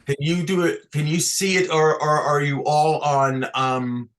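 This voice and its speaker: A male cantor gives an online lesson on chanting scripture, speaking slowly in a fairly high voice. He explains each point patiently and keeps checking that his students follow. The sound comes through a computer mic on a video call. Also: a bit bright. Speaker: cantor teaching a class.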